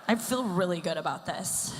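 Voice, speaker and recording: A woman's voice: on the low side, animated, moderate pace, background noise. A woman in her thirties doing a stand-up set on a stage mic, rambling and self-deprecating with lots of fillers. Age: 30s. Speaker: stand-up comedian. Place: comedy stage in a large hall. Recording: live venue with long hall reverb.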